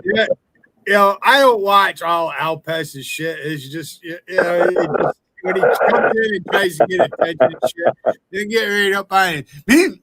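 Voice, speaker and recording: A man's voice: high voice, measured pace, pushed and bright, low-quality recording. A man hosting a livestream chat, swearing heavily and taunting a viewer in profane trash talk. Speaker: livestream host.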